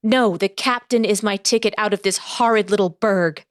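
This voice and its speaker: A woman doing an indignant young bride, proper and sharp. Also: mid-range voice, moderate pace, dry recording, clean studio sound, lightly acted. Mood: bitter. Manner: proper, sharp, rising to shouting.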